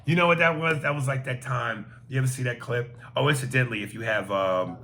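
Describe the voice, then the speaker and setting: A man's voice: mid-range voice, fairly quick, bright, forceful tone. A man hosting a podcast, reading listener emails aloud with profane, joking commentary. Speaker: podcast host.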